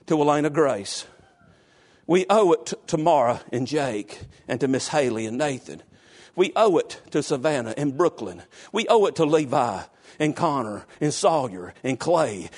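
Preacher, male, high voice; shouted peaks, drops to quiet confiding asides. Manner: shouts and drawls in rising bursts, then drops low and confiding. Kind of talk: fiery Pentecostal-style sermon.

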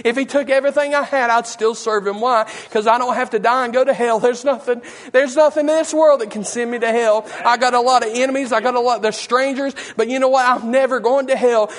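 A man preaching an impassioned, repetitive, emotional sermon. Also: extremely high pitch. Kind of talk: fervent sermon.

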